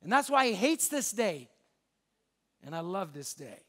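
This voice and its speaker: A man's voice: high voice, big pitch swings, measured pace, a bit bright. A young adult man preaching a sermon to a church crowd in a chatty, joking way, often acting out little bits of dialogue. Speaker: pastor.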